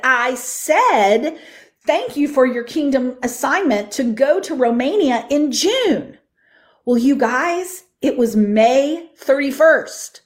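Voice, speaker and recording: A middle-aged woman telling a testimony in sermon style, her voice sitting a little higher than most. She tells it with animation, leaping up in pitch whenever she acts out the people in her story. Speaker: minister sharing a testimony.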